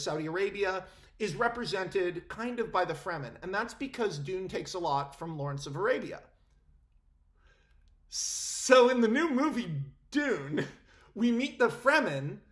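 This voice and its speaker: A vlogger giving a casual opinion rant to camera, animated and incredulous, often breaking into laughter and cutting themselves off mid-sentence. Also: mid-range voice. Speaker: film commentary vlogger.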